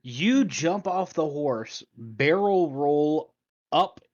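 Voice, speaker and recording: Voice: medium pitch, animated, very slow, darkish tone, lo-fi sound. A game master narrating a tabletop game in an easygoing, laughing way.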